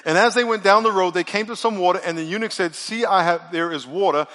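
Brief: middle-aged male pastor with a high voice, upbeat and jokey sermon delivery, call-and-response with the room. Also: fast. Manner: energetic, joking, leads call-and-response. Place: large church auditorium. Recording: long reverb of a large church hall.

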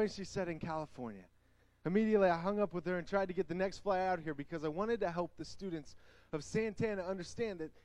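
A young man giving an energetic youth sermon, telling stories and acting out quotes. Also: high voice, no room sound. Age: young adult. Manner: animated storytelling, acts out quotes. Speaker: youth speaker.

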